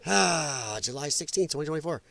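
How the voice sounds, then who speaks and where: A man's voice: on the high side, expressive, fairly quick, vocal fry, a bit bright, no room sound. A male podcast host giving blunt, profane, sarcastic livestream commentary.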